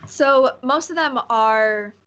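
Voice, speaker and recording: A woman's voice: high voice, slow pace, a bit bright, dull audio, a little hiss or hum. Rambling woman game master. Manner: rambling, searching for words. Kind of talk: narrating a tabletop game.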